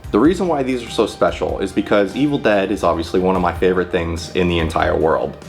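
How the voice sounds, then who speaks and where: A man in his thirties, the host of his own channel, tells a story in a low voice. He is animated and swears freely, and soft music plays faintly under him. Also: fast talker, vocal fry. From California. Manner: animated, profane, laughs often. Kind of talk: casual storytelling vlog.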